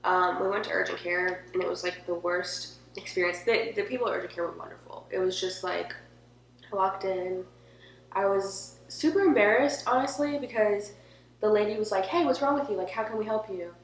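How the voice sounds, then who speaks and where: Chatty young woman, gravelly voice. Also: mid-range voice, moderate pace. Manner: emotional, chatty with many "like"s. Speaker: vlogger. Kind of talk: casual storytelling. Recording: echoey room with faint hum.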